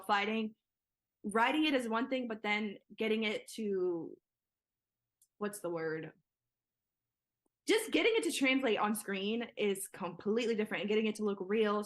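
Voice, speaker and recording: A young woman guest in an interview, talking casually with lots of "like" and "yeah" fillers. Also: medium pitch. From Nigeria. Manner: chatty, quick, many "like" and "yeah" fillers. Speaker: guest, filmmaker.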